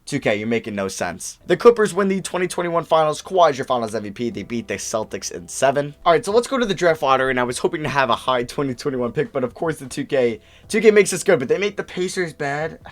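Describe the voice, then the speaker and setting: A young man giving casual, chatty commentary over a basketball video game, thinking aloud and reacting quickly as he plays. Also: a little high, sing-song. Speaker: gaming YouTuber.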